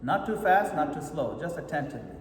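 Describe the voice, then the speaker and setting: Speaking a little fast with lively intonation and a fairly high pitch, this japa retreat teacher coaches his meditation workshop and keeps checking that people follow. The retreat hall echoes with long reverb, and there's a faint hiss or hum.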